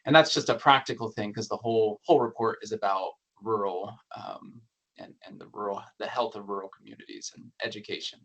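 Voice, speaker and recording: A man presenting an education research report at an academic forum in a relaxed, conversational way, with dry asides. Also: lowish voice, a little fast, vocal fry.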